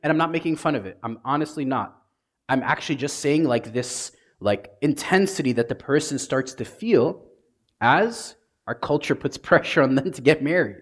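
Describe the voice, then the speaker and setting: A priest preaching a sermon with a husky, slightly breathy voice at an ordinary pitch. He talks conversationally and casually, then sinks into hushed, intimate lines for emphasis. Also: expressive, normal speed. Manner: conversational, dramatic, drops to soft hushes.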